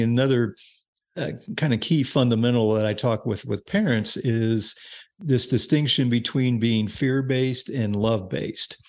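In a relaxed interview, an older parenting author and coach appears as a podcast guest, frequently restarting as he illustrates his ideas with examples. He has a gravelly, medium-pitched voice.

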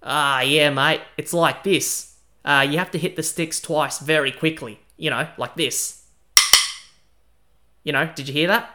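A man voicing a cheery, slangy male night watchman from an old Chinese city, speaking loudly and casually. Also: fairly high pitch, fairly even intonation, measured pace, slight background noise. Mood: casual, explaining. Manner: loud, matey, casual, full of slang.

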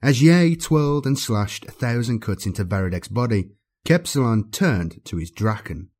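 A man narrating an audiobook with a dramatic, expressive reading. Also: medium pitch, normal speed.

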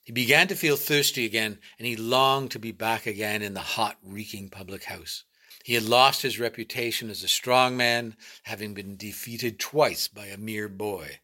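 A man reading a short story aloud in a measured, dramatic narration. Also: lowish voice, pushed and bright. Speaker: reader.

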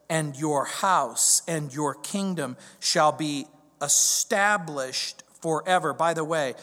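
A male pastor preaching a verse-by-verse sermon, swinging from loud declarations to hushed questions. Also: sits high, long reverb tail.

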